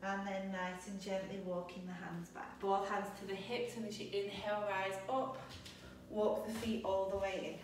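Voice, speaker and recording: A young adult woman teaching a yoga class, calmly cueing breaths and poses, a little out of breath. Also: medium pitch, moderate pace, a little hiss or hum. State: slightly out of breath. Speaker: yoga instructor. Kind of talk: guided yoga class instruction. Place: yoga studio. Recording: echoey room, voice a bit distant.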